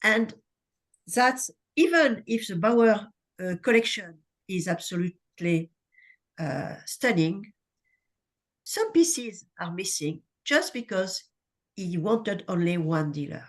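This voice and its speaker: A woman with a French accent, a native French speaker, moderating a conference session in halting English with many uhs and restarts. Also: medium pitch, animated.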